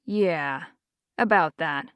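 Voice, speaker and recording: Woman doing a calm demon hunter man, firm, lowered and soft voice, dry studio sound, audiobook. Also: extremely slow, smooth, no echo, dull audio, heavily acted. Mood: wry. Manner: firm, calm, low-key.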